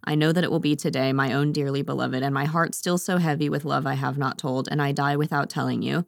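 A woman's voice: a bass voice, fairly even intonation, fast, creaky, dry recording, studio quality. A woman reading as a dying swordsman poet. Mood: tender mournful. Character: dying French swordsman poet, tender, mournful.

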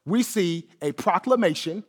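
Pastor, male, high voice, emphatic sermon delivery with repeated phrases; long hall reverb. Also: animated, measured pace, slightly rough. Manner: emphatic preaching, repeats key phrases, drops to soft low endings.

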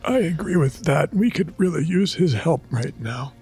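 A man playing a tabletop game, speaking in a calm, formal, reassuring way. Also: on the high side, moderate pace, husky, faint music behind. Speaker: player. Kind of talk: in-character tabletop play.

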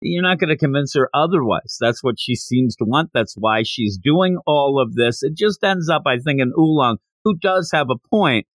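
A man hosting a podcast, recapping a comic in animated casual storytelling. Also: medium pitch, normal speed, few pauses, no echo. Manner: animated storytelling, slipping into character voices. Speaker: podcast host.

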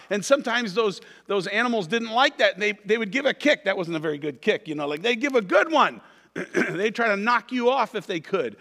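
A man preaching a sermon as pastor, animated and conversational, with frequent asides to the congregation. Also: sits high, big-room sound.

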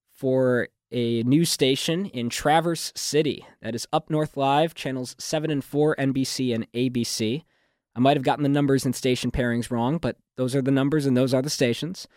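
Young man, student guest on campus radio; polished newsreader cadence, mid pitch, dry studio mic. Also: fairly even intonation, normal speed, darkish tone, dry recording. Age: young adult. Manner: fluent, newsreader-like delivery with restarts and laughs. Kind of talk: casual radio interview. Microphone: studio microphone.

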